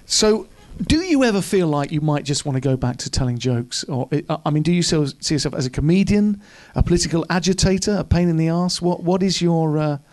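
A man's voice: fairly high pitch, lively intonation, fairly quick, darkish tone. A man interviewing a guest, asking playful, chatty questions.

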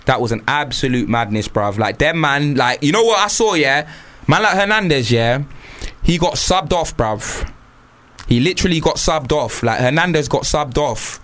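Young guy, a touch high-pitched, leading jokey slang-filled football banter. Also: expressive, moderate pace, fairly bright tone. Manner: slang-heavy, jokey, steering the rundown.

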